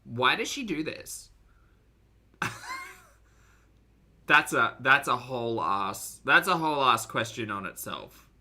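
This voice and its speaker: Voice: mid-range voice, big pitch swings, slow pace, long pauses, bright, forceful tone. A streamer giving blunt, sarcastic live commentary to chat and swearing freely. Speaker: streamer reacting to videos.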